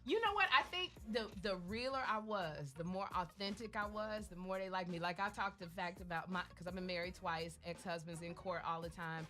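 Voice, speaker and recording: A middle-aged woman comedian, a guest, telling stories in a lively, animated way in casual interview chat. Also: fairly low pitch, a little fast, few pauses, faint music behind. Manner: lively storyteller, animated quoting.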